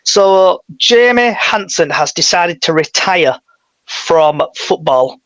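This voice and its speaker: Chatty man, fairly high voice. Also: animated, slow, a bit bright, dry recording, low-quality recording. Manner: chatty, leading questions. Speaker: podcast co-host. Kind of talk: casual fan chat.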